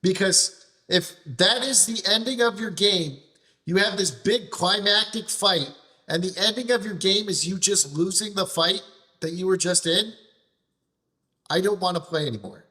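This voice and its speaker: A man's voice: high-pitched, normal speed, bright, forceful tone. A man streaming a game, ranting in frustration and swearing heavily, often restarting his phrases as he vents. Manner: repeats and restarts phrases while venting. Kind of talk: live gameplay commentary.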